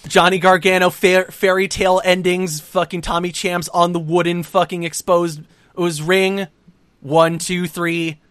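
A man co-hosting a casual podcast, recapping events in an animated, heavily profane way. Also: sits high, measured pace, clear, resonant tone, no echo. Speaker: podcast co-host recapping wrestling. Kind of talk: casual chat.

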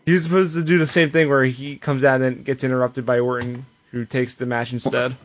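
A man's voice: mid-range voice, little pitch movement, a little fast. A man co-hosting a podcast, recapping wrestling shows in casual chat and storytelling with quoted asides and frequent restarts. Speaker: podcast co-host.

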